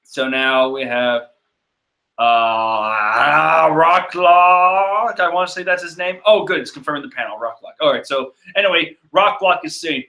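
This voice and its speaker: A man's voice: fairly high pitch, measured pace, pushed and bright. A man casually reading and riffing on comics aloud, joking and swearing. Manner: joking and profane, laughs often. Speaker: manga reading vlogger. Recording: echoey room.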